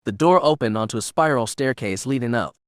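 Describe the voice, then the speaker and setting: A man reading an audiobook narration in an even, measured way. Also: mid-range voice, no room sound, clean studio sound. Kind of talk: scripted narration.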